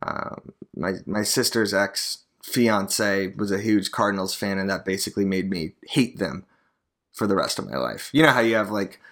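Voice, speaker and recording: A man's voice: on the low side, a bit bright. A man from Arizona hosting a podcast alone, talking in a rambling, profane and sardonic way. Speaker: podcast host, real estate agent. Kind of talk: casual solo podcast monologue.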